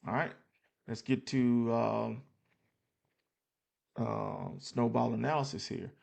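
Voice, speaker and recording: A man's voice: mid-range voice, fairly even intonation, slow, vocal fry, a little mellow, husky. A man casually walking through his investment portfolio on screen, loose and plainspoken with many fillers and restarts, a little tired. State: tired, yawning. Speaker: investing channel host.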